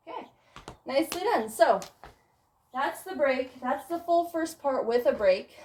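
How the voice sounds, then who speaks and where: A woman with a somewhat high voice teaches tap, briskly calling steps and counts in an encouraging tone. Her voice rings around an echoey studio, and loud tapping clicks fill the background. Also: lively intonation, recorded from a distance, heavy background noise. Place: dance studio.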